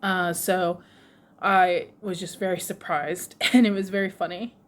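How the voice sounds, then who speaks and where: A woman vlogger telling a casual story in an animated way, laughing often and acting out other people's lines. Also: fairly low pitch, measured pace. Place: lives in Japan, runs a shop with her husband.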